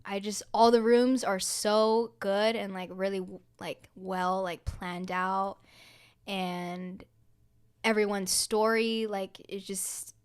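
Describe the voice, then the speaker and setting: A woman co-hosting a podcast in casual chat, telling stories in an animated way. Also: mid-range voice, slow, clean tone. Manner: animated storyteller, acts out quotes. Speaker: podcast co-host.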